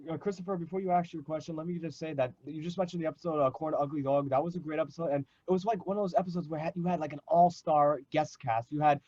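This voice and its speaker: A man hosting a fan panel, enthusiastic and polite, halting often with fillers. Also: on the high side, steady tone, warm tone, no echo. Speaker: host. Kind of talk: casual chat. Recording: dull, dry sound.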